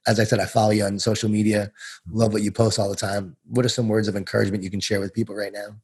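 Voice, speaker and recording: A man's voice: fairly low pitch, flat delivery, fast talker, a little mellow, husky. A man hosting a podcast interview, encouraging and affirming his guest as he asks questions. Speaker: podcast host. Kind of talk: conversational interview.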